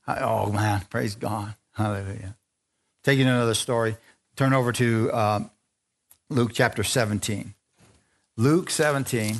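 Animated preacher man calling for amens. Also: measured pace, pauses often. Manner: animated, asks the congregation for amens; laughs often, acts out quotes in a higher voice. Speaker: pastor. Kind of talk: sermon.

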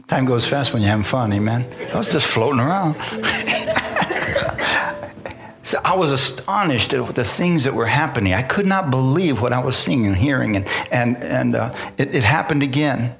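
Preaching a testimony sermon to a congregation in church, a man tells his own story, acts out other people's voices and often asks for an amen. His medium-pitched voice is expressive with vocal fry, at normal speed.

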